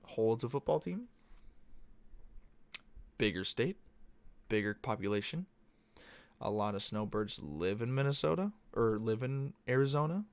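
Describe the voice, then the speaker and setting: A man's voice: mid-range voice, animated, a little slow, pauses often, smooth, no room sound. A young man hosting a podcast, talking casually in a loose, profane, meandering monologue. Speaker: podcast host. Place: Arizona.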